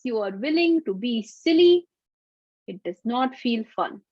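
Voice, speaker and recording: A fairly high-voiced woman teaches a live webinar in an upbeat, explanatory way. The sound is dull and lo-fi, dry and close, as from a computer mic on a video call. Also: takes it slowly, slightly rough, no echo. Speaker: webinar presenter on auditory skills.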